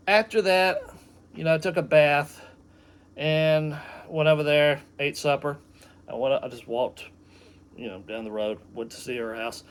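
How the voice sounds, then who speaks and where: Man, unwell, talks in loose tangents with many false starts; raised pitch, home video diary. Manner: rambling, tangents, frequent restarts and sighs. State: unwell and dizzy after vertigo. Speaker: vlogger recording a personal note. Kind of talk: rambling personal video diary. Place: at home, indoors.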